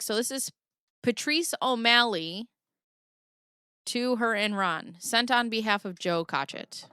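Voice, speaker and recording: A woman hosts a casual commentary show in a clear, resonant, sharp medium-pitched voice, speaking unhurriedly in clean studio sound with no room noise. She reads documents aloud and sarcastically adds wry asides.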